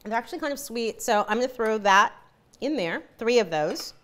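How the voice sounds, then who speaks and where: A woman's voice: fairly high pitch, expressive, brisk, a bit bright. A woman hosting a live cooking demonstration, chatty and giggly. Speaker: cooking show host.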